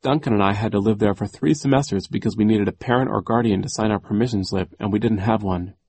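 Storybook girl, gentle and sad, earnest, read by a man. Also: lowish voice, fast, husky, dry recording.

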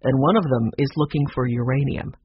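A narrator voicing a friendly young prospector who explains things calmly and reassuringly. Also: medium pitch, brisk, breathy edge, dry recording, dull audio, natural voice.

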